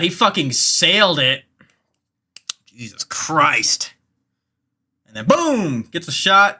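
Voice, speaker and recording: Bright, excitable, swearing game commentator. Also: medium pitch. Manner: excitable, profane, yells at the game. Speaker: gamer commenting own match. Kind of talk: mock play-by-play while playing a hockey video game.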